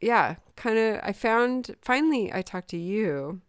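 A woman's voice: medium pitch, animated, measured pace, smooth, no echo, studio quality. A woman in her forties, a mother from Southern California, telling a personal story in a candid, emotional way with many fillers in a casual chat.

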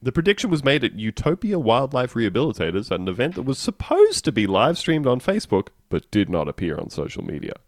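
Man, podcast co-host, swoops all over in pitch, dry close mic, wry news reading. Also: huge pitch swings, fast talker, hardly any pauses, no echo. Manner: wry, laughing, reads news stories in a dry voice. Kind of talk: casual comedic chat, reading news aloud.

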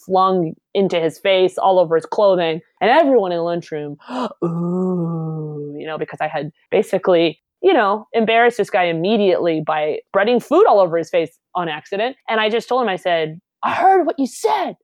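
A young woman from Alabama tells a personal story on an interview show with real animation, slipping into the voices of the people in it. Her voice sits on the low side for a woman, and the recording is close and dry. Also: brisk, hardly any pauses, dry recording. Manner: lively, acts out dialogue in her stories. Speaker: comedian guest.

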